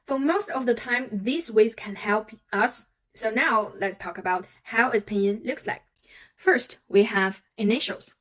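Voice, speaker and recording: Higher-voiced woman teaching a language. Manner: patient, demonstrates sounds aloud. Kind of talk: online language lesson.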